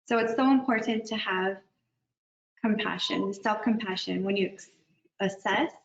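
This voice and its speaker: A woman counselor giving a gentle, measured webinar talk, with some filler ums. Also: medium pitch, gravelly. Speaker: guest counselor. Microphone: video call. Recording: echoey, distant, dull webinar audio.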